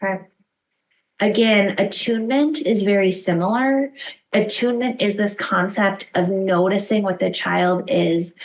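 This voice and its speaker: A woman teaching a lecture on children's emotional needs, explaining calmly and often checking in with "right?", sometimes acting out short example phrases. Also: medium pitch, low-quality recording. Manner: explains warmly with frequent "right?" check-ins; acts out short example phrases a parent might say. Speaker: therapist lecturer. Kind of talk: instructional lecture.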